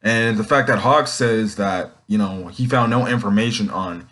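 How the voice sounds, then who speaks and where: A man recapping a comic chapter in a loose, rambling way, filling pauses with "um" and "essentially" as he goes. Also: on the low side, fairly bright tone. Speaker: manga chapter reviewer. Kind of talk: casual unscripted recap.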